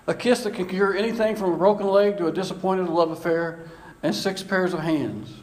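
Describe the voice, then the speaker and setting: A man's voice: high-pitched, fairly quick, reverberant, close to an everyday voice, poor audio. A man voicing the Lord, an eager, tender male creator, in a read-aloud story within a sermon. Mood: earnest.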